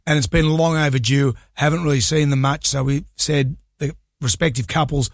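A man's voice: on the high side, fairly even intonation, normal speed, no echo, studio quality. A man with an Australian accent hosting a radio show, telling a story in casual banter and laughing often. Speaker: radio host. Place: radio studio. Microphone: studio mic.

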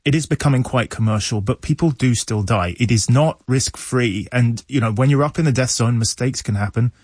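Radio panel guy, husky voice, emphatic and opinionated, dry studio sound. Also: mid-range voice, a little fast, a little mellow, no room sound. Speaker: studio guest commentator.

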